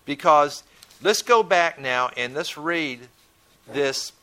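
A man's voice: a little high, animated, takes it slowly, sharp tone. A man teaching a Bible study in a conversational way, often repeating words as he thinks and asking his listeners questions.

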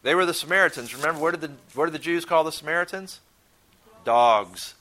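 Bright-voiced man teaching Bible study. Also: on the high side, brisk. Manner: conversational, repeats words while thinking; asks the listeners questions.

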